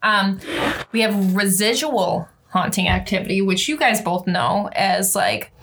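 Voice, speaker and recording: A woman's voice: mid-range voice, animated, a little slow, background noise. A woman co-hosting a casual chat, explaining a topic with giggles and fillers. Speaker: podcast co-host.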